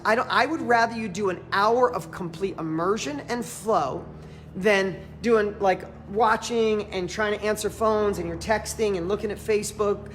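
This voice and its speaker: A man coaching a live audience in a motivational training, emphatic and fervent, repeating phrases for emphasis and swinging between loud and quiet. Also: high-pitched, slight background noise. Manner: fervent, emphatic, pep-talk delivery.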